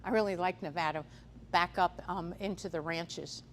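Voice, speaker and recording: A woman's voice: on the low side, fairly even intonation, normal speed. A woman giving a conference seminar on livestock guarding dogs, talking casually with many fillers and restarts. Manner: conversational, frequent "um" fillers and restarts. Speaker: seminar speaker on livestock predators. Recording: echoey hall, faint background noise.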